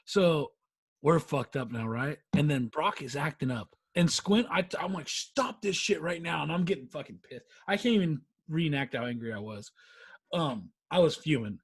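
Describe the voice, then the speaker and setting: A man in his twenties co-hosting a podcast, tipsy, casual and rowdy, swearing and laughing loudly. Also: fairly high pitch, animated, normal speed, slightly rough. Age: 20s. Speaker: podcast co-host. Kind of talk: casual chat.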